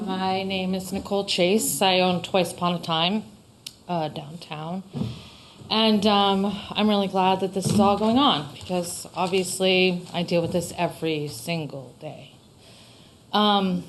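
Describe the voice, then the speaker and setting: A woman's voice: fairly low pitch, low-quality recording. An earnest woman from Vermont speaks at a town meeting microphone, her voice heartfelt and openly emotional. She is a local shop owner making a public comment, with a faint hiss in the background.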